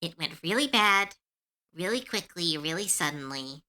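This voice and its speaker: A woman's voice: on the low side, lively intonation, normal speed, sharp tone. A woman streamer chatting casually with her viewers, earnest and comforting, with lots of fillers and easy laughter. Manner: laughs easily when unsure.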